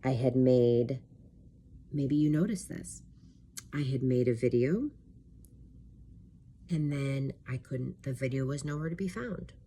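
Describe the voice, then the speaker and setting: Low husky woman, slow and mellow. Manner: candid, rambling storytelling with fillers. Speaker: life coach. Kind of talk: casual talking-to-camera vlog.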